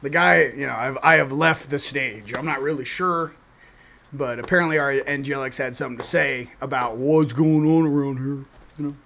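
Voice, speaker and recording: A man's voice: mid-range voice, normal speed, creaky, bright, forceful tone, a little hiss or hum. A man hosting a casual livestream, joking and rambling, laughing at his own asides. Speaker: host.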